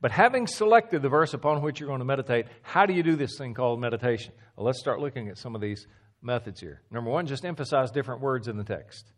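Man preaching an emphatic teaching sermon. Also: fast talker. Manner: emphatic, repeats key phrases, drops to a low hush for stress.

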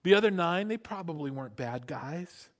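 A man preaching a sermon, animated, building up loud then dropping to hushed emphasis, and having the congregation repeat words after him. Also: fairly high pitch, normal speed. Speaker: pastor.

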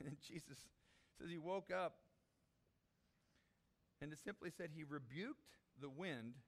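A man preaching a sermon, animated, acting out the disciples' desperate cries. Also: a little high, a little slow. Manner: animated, acts out voices of the disciples. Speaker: pastor.

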